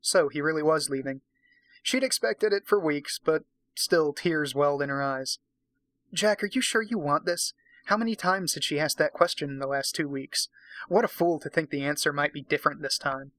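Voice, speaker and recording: A man's voice: a little high, moderate pace, fairly bright tone, no room sound. A man giving a drunken dramatic reading of a romance novel, breaking off for profane, sarcastic asides. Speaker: reader and commentator.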